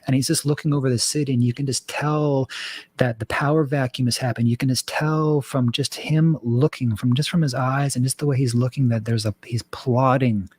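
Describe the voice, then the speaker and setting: A man talks through a film in a loose, rambling way, dropping curses as he goes. His voice sits at an ordinary pitch. The sound is dry and close, with no room around it. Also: moderate pace, breathy edge, no echo. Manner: rambling, profane, animated. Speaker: podcast guest. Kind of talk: casual movie discussion.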